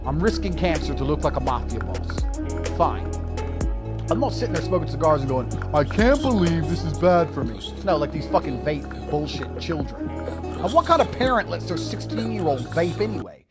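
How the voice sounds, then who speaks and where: A man's voice: a little high, animated, moderate pace. A man giving a brash, profane, mocking rant. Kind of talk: ranting monologue. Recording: speech with music mixed in. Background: music.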